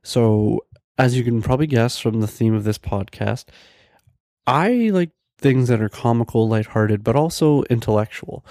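A man's voice: mid-range voice, normal speed, a little mellow, no echo, clean studio sound. A young man hosting his own podcast, chatting casually and enthusiastically, rambling with fillers and restarts. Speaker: podcast host. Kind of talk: casual solo podcast talk.

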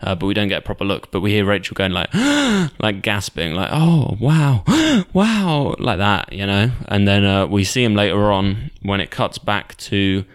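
Smooth-voiced, swearing young man podcaster. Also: low voice, fairly even intonation, brisk, few pauses, fairly bright tone. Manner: profane, rambling, opinionated. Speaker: podcast host. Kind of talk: casual recap of a sitcom episode.

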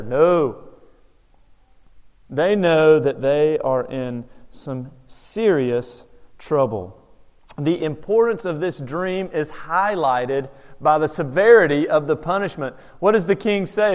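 A high-pitched male pastor delivers a sermon and tells its stories with animated energy. He keeps asking rhetorical questions, and his voice carries a long hall reverb. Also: normal speed.

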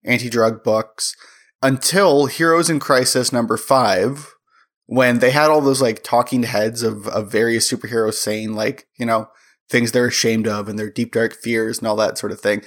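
A man with an ordinary mid-range voice tells a story in a dry, offhand manner. He pauses and restarts as he goes. It is a relaxed podcast chat with friends. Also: medium pitch. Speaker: podcast co-host. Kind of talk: casual comedic chat.

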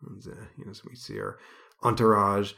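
A man's voice: fairly low pitch, very animated, a little fast, gravelly, sharp tone. A man hosting a podcast, rambling through a casual comic book review with many fillers. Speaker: podcast host.

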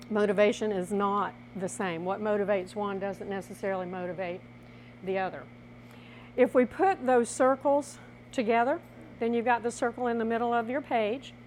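A woman presenting a workshop in a lively teaching style, acting out little scenes as she explains. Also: mid-range voice, a little hiss or hum. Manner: animated, laughing, acts out little scenes.

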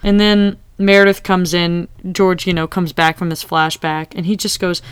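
Smooth low-voiced woman chatting casually. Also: a little fast, few pauses, no room sound. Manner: animated, acts out quoted lines. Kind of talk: casual TV recap chat.

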